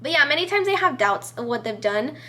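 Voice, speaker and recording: High-voiced chatty young woman. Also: sing-song, fairly quick, bright, forceful tone. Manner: chatty, heavy use of "like" and "you know", earnest and encouraging. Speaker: vlogger giving advice. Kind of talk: casual advice vlog talking to camera.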